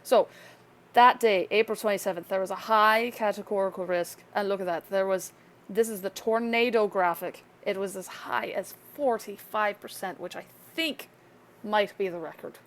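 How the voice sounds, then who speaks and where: A woman in a relaxed weather update, talking her way through forecast maps. Her voice sits in a middle pitch, and she makes loose, chatty asides and corrects herself as she goes. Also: moderate pace, slight background noise. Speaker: weather vlogger. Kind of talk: casual severe weather briefing.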